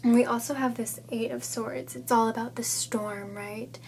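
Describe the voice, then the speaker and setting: A woman's voice: fairly high pitch, fairly even intonation, normal speed, darkish tone, slight background noise. A woman giving a casual tarot reading, thinking aloud in a chatty, goofy manner. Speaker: tarot reader.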